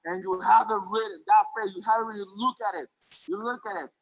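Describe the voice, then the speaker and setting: High-voiced, husky man giving a pep talk. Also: fast, low-quality recording. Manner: energetic and emphatic, repeats phrases for effect; acts out quotes, sometimes shouting. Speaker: motivational speaker at a sales convention. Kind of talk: motivational stage speech.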